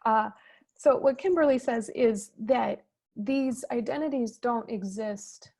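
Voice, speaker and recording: A woman moderating a fireside chat over a video call, explaining terms in a measured, teacherly way. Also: fairly high pitch, warm tone, husky.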